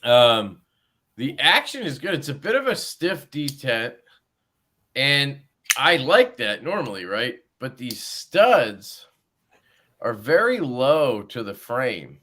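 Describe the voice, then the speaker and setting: A man's voice: medium pitch, sing-song, takes it slowly, sharp tone. A man hosting a livestream in casual chat, rambling and jokey, with some swearing. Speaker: livestream host.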